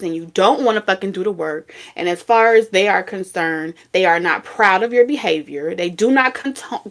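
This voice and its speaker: A woman giving a tarot reading, talking in a blunt, profane, scolding way with lots of repetition. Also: mid-range voice. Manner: blunt, profane, scolding street talk with sudden laughs and singing. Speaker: tarot reader.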